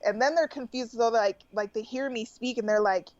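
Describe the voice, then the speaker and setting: A woman's voice: fairly high pitch, normal speed. A woman with an American accent hosting a podcast, chatting casually and laughing often. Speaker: podcast host. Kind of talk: casual chat. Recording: dull, dry lo-fi sound.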